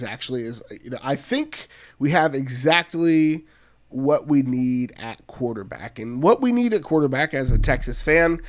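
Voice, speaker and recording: Guy hosting a sports pod, chatty, kinda muffled lo-fi audio. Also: medium pitch. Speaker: podcast host. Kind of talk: casual sports podcast chat.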